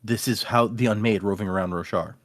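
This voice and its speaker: A man co-hosting a casual book discussion podcast, retelling chapters with animated energy. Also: fairly low pitch, fairly quick. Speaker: podcast co-host. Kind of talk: casual chat recapping a book.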